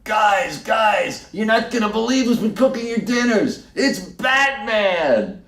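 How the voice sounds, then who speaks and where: Guy doing a pumped up architect dude hollering across a room, high and echoey. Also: expressive, slow pace, full character voice. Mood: excited. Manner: shouting eagerly across a hall. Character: excited adult male architect volunteer. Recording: roomy echo.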